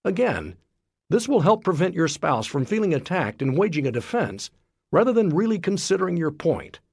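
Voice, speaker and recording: Man narrating an audiobook, husky, fairly high voice, dry close sound. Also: big pitch swings, moderate pace, a little mellow, dry recording. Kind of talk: scripted narration.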